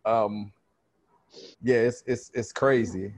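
A man's voice: lowish voice, fairly even intonation, takes it slowly. A man hosting a podcast, chatting casually and rambling with restarts. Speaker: podcast host. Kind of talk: casual chat.

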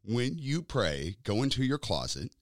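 A man hosting a sermon podcast, with a lively, sing-song opening that settles into slow, deliberate preaching. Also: medium pitch, no room sound, studio quality.

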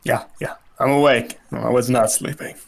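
A man playing a pompous, gravelly would-be hero. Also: medium pitch, steady tone, normal speed, close to an everyday voice. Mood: defensive. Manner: grandiose, stubborn, mumbling to himself. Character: pompous self-important male sidekick hero.

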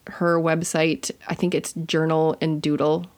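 A woman's voice: sits low, level tone, measured pace. A woman hosting a podcast, talking casually as she teaches listeners, chatty and correcting herself as she goes. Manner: chatty and warm-hearted, with self-corrections. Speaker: podcast host.

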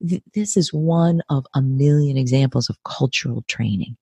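A woman in her fifties with an American accent, speaking as an interview guest in a measured, emphatic way, often repeating words for stress. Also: very deep voice, mellow, breathy edge, no room sound. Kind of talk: earnest conversational interview.

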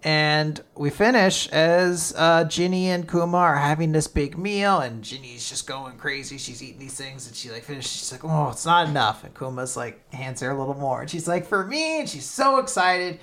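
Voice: mid-range voice, normal speed, hardly any pauses. Chatty podcast co-host recapping manga. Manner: animated retelling with many fillers and swearing. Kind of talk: casual chat recapping manga chapters.

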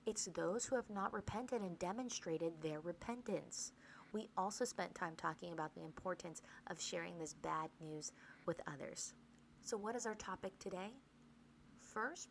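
Woman doing a bible study podcast, kinda low voice, earnest, lots of questions, faint hiss behind. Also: rough recording. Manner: earnest, asks rhetorical questions, tag "right?". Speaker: Bible teacher.

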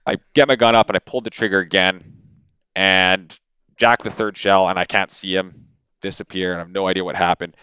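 Speaking a little fast in a low, clear, resonant voice, a Canadian podcast guest animatedly tells a story into the mic. His casual delivery is packed with fillers and repeated words, and the recording is dry.

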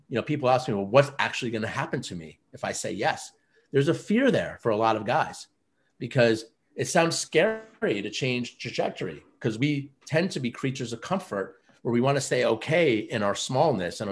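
He runs a men's coaching program and speaks at normal speed with medium pitch, lively intonation, and a slightly rough edge. In this casual interview he tells stories earnestly, leaning on lots of fillers like "you know" and "like."

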